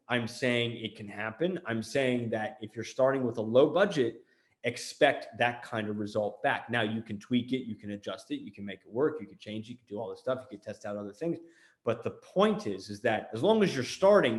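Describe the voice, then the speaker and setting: A man's voice: mid-range voice, expressive, normal speed, echoey room. An American man hosting a show, giving a blunt, emphatic motivational talk on business and repeating points for emphasis. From United States. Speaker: host.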